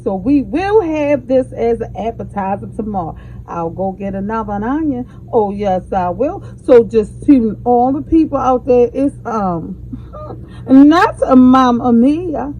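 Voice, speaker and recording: Woman, home cooking vlog, lively swooping voice, slow drawn-out talk, higher pitch, faint background noise. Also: rough recording. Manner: effusive, calls viewers baby and y'all; savoring mm sounds while eating. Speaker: home cook and channel host. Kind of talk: casual cooking vlog with taste test.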